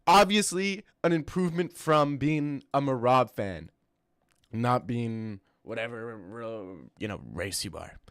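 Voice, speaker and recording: A man's voice: medium pitch, takes it slowly, fairly bright tone, smooth, no echo, clean studio sound. Young man bantering with his chat. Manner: joking, stammering, banter with chat. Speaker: streamer reacting to fight news and chat. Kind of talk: casual live-stream chat.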